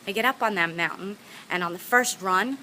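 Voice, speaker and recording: Woman, bright forceful voice, motivational speaker, earnest heartfelt storytelling to camera. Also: medium pitch, moderate pace, a little hiss or hum, rough recording.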